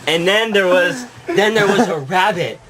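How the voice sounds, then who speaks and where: A man's voice: high voice, expressive, measured pace, a crowd in the background. Giggly man improvising a puppet story. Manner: giggling, rambling, making it up as he goes. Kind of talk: improvised comic puppet narration. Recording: noisy home recording.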